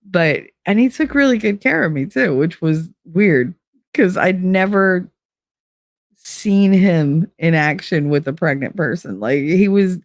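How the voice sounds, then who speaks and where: A woman's voice: on the low side, expressive, a little slow, dry recording, studio quality. A woman casually telling a candid, profane personal story, acting out both sides of the conversation. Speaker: stream host.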